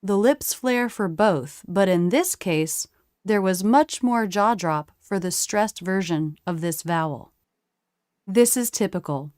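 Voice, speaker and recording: Woman, pronunciation teacher, measured slow delivery, dry close sound. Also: mid-range voice, lively intonation, darkish tone, no room sound. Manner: slow, careful, demonstrates sounds by drawing them out. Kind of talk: instructional explanation.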